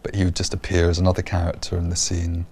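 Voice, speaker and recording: A man explaining the making of a show in a measured, explanatory way. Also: sits low, completely flat delivery, vocal fry, a little mellow, a little hiss or hum. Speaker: producer of the show. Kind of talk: explanatory interview.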